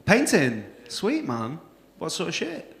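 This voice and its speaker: A man's voice: a little high, wildly swooping pitch, slow, vocal fry, fairly bright tone. A male comedy compere, doing brash, teasing crowd work full of swearing at a stand-up gig. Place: comedy club stage. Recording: echoey club room.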